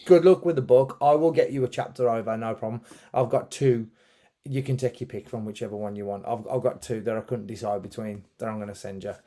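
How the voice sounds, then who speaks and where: A man hosting a relaxed interview chat. His voice is warm and mellow, and he rambles with plenty of fillers and restarts. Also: medium pitch, brisk. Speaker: podcast host and musician.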